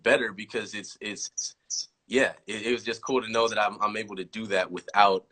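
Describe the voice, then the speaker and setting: A man's voice: lowish voice, steady tone, quick pace, pushed and bright. A man from California, in his thirties, chatting casually on a livestream, rambling and restarting, acting out quoted lines. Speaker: rapper talking on a livestream.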